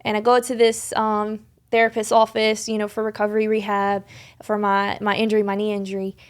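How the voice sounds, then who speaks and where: A woman's voice: medium pitch, monotone, fairly quick. A young woman guest on a podcast, earnestly telling a faith story in conversation, rambling with many restarts and fillers. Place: podcast studio.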